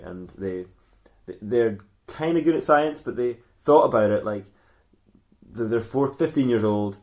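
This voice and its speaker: A man's voice: lowish voice, darkish tone. A man, hosting a podcast and telling an improvised comedy story in a rambling way, often laughing and restarting his sentences. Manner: rambling, with many self-interruptions and restarts; laughs often while talking. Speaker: podcast host.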